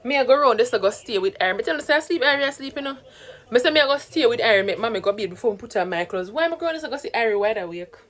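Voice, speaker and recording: A Jamaican woman vlogging in a lively, chatty way, talking to the camera and to her baby. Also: fairly high pitch, racing. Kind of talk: casual vlog chat.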